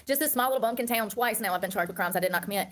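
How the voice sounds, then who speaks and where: A woman's voice: mid-range voice, very fast. A woman in her thirties ranting to camera in a heated, profane, repetitive way. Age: 30s. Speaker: online personality.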